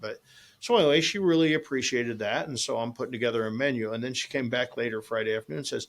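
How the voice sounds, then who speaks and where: Gravelly-voiced man telling a story. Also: medium pitch, fast. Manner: animated storyteller, acts out both sides of conversations. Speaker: podcast host and restaurant owner. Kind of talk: casual storytelling chat.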